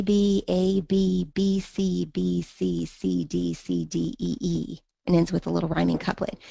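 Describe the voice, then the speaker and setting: Woman, poetry teacher, online class lecture, low gravelly voice, dry close mic, fillers, rhythmic verse reading. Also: darkish tone, no echo. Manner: thinks aloud with fillers, reads verse rhythmically. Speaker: literature teacher.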